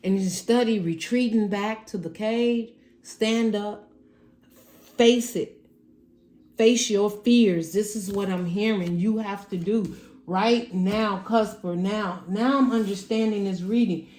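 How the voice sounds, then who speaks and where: Slow, emphatic woman reading tarot. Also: mid-range voice, a little mellow, roomy sound. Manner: emphatic, repetitive, talks straight to the viewer. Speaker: tarot reader. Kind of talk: casual spoken tarot reading to camera. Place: room at home.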